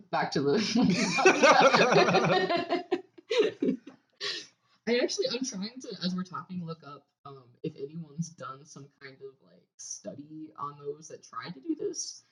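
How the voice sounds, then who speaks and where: A woman's voice: fairly low pitch, expressive, slow pace. A woman co-hosting a podcast in casual chat, laughing often and swearing casually. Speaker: podcast co-host.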